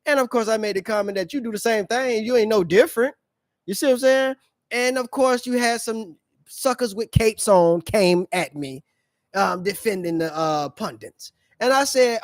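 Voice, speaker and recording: A high-voiced man rants in blunt slang on his live reaction stream, throwing questions at his viewers. The sound is dry and close, with no room around it. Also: normal speed, no echo. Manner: blunt, slangy, preachy, asks the audience questions. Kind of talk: ranting commentary on a played clip.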